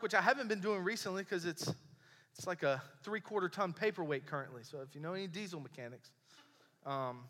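A man's voice: high voice, bright, forceful tone, big-room sound. A young male pastor, preaching a sermon in a casual, emphatic way, repeating phrases for effect. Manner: conversational, emphatic preaching with repetitions. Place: church sanctuary.

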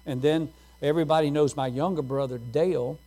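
A man's voice: a little high, fairly even intonation, brisk, warm tone. A man preaching a sermon, quoting scripture and telling homespun stories in a folksy manner.

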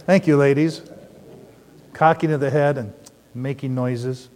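A middle-aged man preaching a sermon, telling stories and asking the audience questions in an animated way. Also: medium pitch, unhurried. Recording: long hall reverb.

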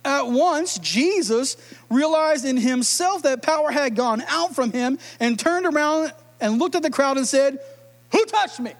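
High-voiced man preaching playfully. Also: unhurried. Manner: playful, joking storyteller. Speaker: pastor. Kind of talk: sermon.

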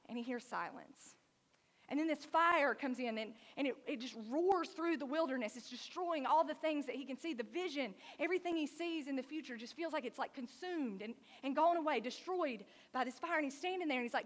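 A woman pastor preaches with animated storytelling, peppering her talk with "like". Her voice sits fairly high, and the long reverb of a large hall carries each phrase out. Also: a little fast. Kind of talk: sermon.

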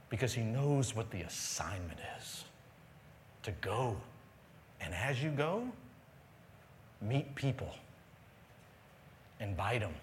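Lively, expressive male pastor preaching. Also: mid-range voice, a little hiss or hum. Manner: storytelling, swings from loud excited to quiet earnest. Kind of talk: sermon. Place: church sanctuary with live congregation.

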